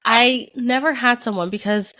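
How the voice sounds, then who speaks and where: Animated storytelling young woman. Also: normal speed, no room sound. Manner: animated storytelling, acts out quotes with big pitch jumps. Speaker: podcast co-host. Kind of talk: casual chat.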